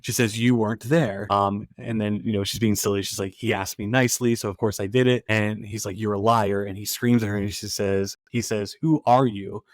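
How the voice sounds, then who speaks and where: A man hosting a podcast, casually recapping a film scene and acting out its lines in a quieter voice. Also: lowish voice, flat delivery, brisk, few pauses, dry recording. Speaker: podcast host.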